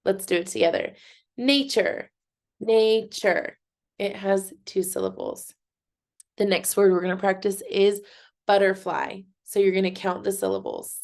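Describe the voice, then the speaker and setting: A woman teaching a recorded lesson for children, speaking clearly and encouragingly and clapping out syllables slowly. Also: mid-range voice, lively intonation, a little mellow.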